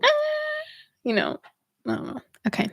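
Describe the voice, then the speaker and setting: A woman's voice: moderate pace, dry recording, clean studio sound. A young woman hosting a spiritual reading livestream, chatting casually with viewers and laughing often.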